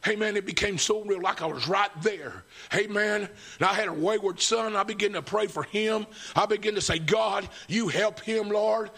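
Gravelly, fervent preacher man. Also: high-pitched. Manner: fervent, swings from shouting to hushed. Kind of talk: sermon.

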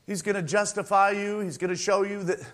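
This preacher keeps his sermon lively and conversational, voicing the people he quotes and shouting when he reaches a peak. He speaks briskly, with a pitch that sits high.

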